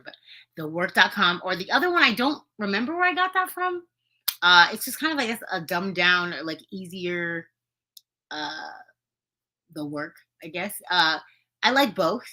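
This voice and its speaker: A woman's voice: mid-range voice, bright, forceful tone, rough recording. A woman podcast host talking casually and earnestly to her viewers, coaching them and repeating points for emphasis. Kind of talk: casual motivational talk to viewers. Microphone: streaming video to viewers.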